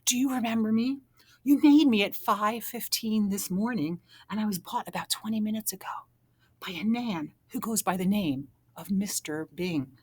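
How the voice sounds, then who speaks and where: A woman voicing a proud, excitable male doughnut who talks high and loud when alarmed. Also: moderate pace, breathy edge, close to an everyday voice. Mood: frantic.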